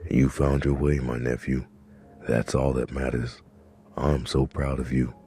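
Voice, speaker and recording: A man reading as a kindly, soft-spoken old uncle. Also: a bass voice, level tone, unhurried, breathy edge, full character voice. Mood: gentle. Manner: soft-spoken, warm and proud. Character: kindly older uncle, gentle and wise.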